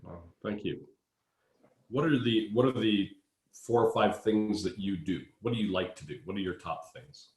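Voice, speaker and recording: A man's voice: fairly low pitch, moderate pace, a little mellow, roomy sound. A man hosting a conference panel, asking friendly questions with frequent fillers and restarts. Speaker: panel host.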